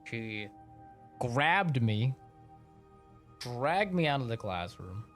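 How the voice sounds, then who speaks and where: A man's voice: medium pitch, very animated, extremely slow, fairly bright tone, soft background music. Casual young man, laid-back, cussing, laughing, mid-range voice. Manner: laid-back, swears freely, laughs while telling. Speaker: gaming streamer. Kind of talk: casual storytelling on a live stream.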